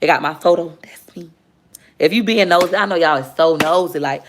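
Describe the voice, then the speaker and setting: Speaking a little fast in a fairly low, gravelly voice, a woman in her thirties hosts a casual livestream. She chats earnestly with viewers and reads out their comments.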